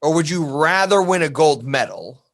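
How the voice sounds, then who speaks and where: A man co-hosting a casual podcast chat, rambling and animated, who keeps dropping into mock voices. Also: on the high side, normal speed. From US East Coast. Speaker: podcast co-host.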